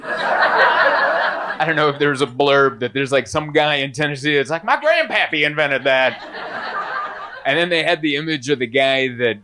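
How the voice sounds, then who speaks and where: A young man performing a stand-up comedy set, telling a rambling, animated story with lots of fillers. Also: mid-range voice, normal speed, noisy background.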